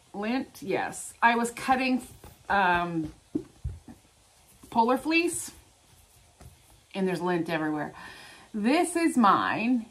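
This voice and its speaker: A middle-aged woman chats casually to her camera, gushing over yarn and crafts. She talks at an unhurried, drawn-out pace. Her voice sits a little on the high side. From Ohio, US. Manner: chatty, giggly, exclaiming over crafts. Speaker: vlogger.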